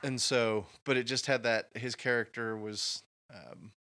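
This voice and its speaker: A man co-hosting a casual movie chat, speaking haltingly with many restarts as he thinks. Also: mid-range voice, fairly even intonation, bright, forceful tone. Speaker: podcast co-host.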